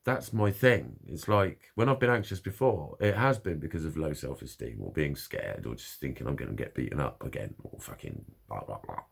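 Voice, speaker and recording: A man's voice: deep voice, vocal fry, a little mellow, breathy edge. A man talking frankly and bluntly in a casual monologue, swearing constantly as he opens up about his own experiences. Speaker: vlogger.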